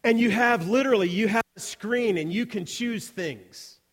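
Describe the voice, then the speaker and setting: A man telling a mission story in a sermon, animated and acting out the voices of the people he quotes. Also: high-pitched, moderate pace. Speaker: missions speaker. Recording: long reverb of a large hall.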